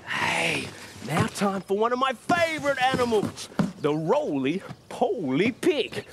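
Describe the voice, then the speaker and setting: A man presenting a children's show, animated and playful, making animal noises for young viewers. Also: sits high, slow, loud music behind the voice.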